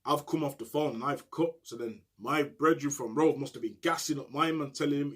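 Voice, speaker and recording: A man telling a story to camera in heavy street slang, animated and often checking in with "you get me". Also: medium pitch, brisk, husky. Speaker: storyteller recounting prison life.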